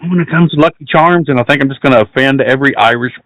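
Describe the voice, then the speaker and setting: A man's voice: mid-range voice, rapid-fire, fairly bright tone, no room sound, low-quality recording. A man co-hosting a podcast, chatting casually, giggling and mocking himself as he fumbles accents, with some swearing. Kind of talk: casual chat.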